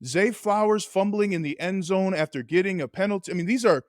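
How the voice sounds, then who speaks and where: A man co-hosting a sports podcast, a former football player telling game stories in animated, emphatic casual chat. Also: sits high, brisk, dry recording, clean studio sound.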